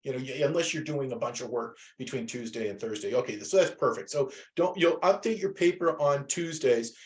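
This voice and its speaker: A man's voice: medium pitch, a little fast. Rambling male teacher on a class call. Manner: rambling, many restarts and fillers. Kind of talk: casual classroom talk. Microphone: video call.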